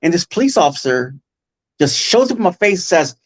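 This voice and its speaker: Halting, emotional man telling his story. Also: sits high, big pitch swings. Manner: halting, full of restarts and fillers; earnest and emotional. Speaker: guest. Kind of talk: casual personal storytelling. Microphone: close podcast mic.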